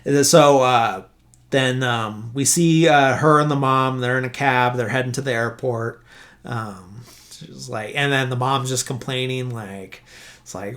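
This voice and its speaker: Man, podcast host, mid-pitch voice, loose casual recap full of fillers, often corrects himself mid-sentence. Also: normal speed, fairly bright tone. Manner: rambling, heavy filler words like "uh" and "like"; self-correcting, loses his train of thought.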